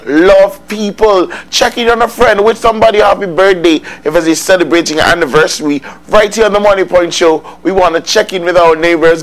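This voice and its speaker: A man's voice: high voice, low-quality recording. A man hosting a morning radio call-in show, upbeat and chatty with callers. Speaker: radio host.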